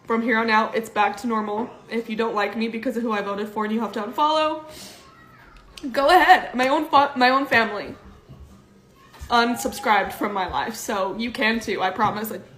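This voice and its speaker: A woman's voice: fairly high pitch, steady tone, normal speed, fairly bright tone. Earnest woman in a roomy space. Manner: emotional, earnest. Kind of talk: personal social media video.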